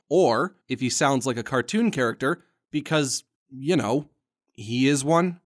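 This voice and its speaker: Guy doing a sarcastic comedy commentary voice-over, kinda high voice, mock serious. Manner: sarcastic, mock-earnest argument. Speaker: host and narrator.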